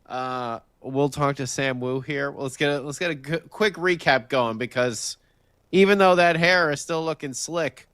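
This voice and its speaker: A man's voice: fairly high pitch, unhurried, a bit bright, clean tone, dry recording, clean studio sound. A man co-hosting a late-night live sports podcast, joking around and greeting chat viewers by name. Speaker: podcast co-host.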